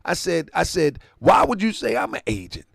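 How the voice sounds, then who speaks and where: His voice sits on the high side and is gravelly, with huge pitch swings and a moderate pace, recorded without echo. This Baltimore-area man hosts an online talk show, casually retelling a conversation and frequently making sure the listener keeps up.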